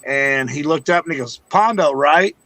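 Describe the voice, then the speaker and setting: Joking ex-wrestler guest, man, high and bright, recorded dry; swears freely in stories. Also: moderate pace, no echo. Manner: profane, joking anecdote teller. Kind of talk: casual podcast chat.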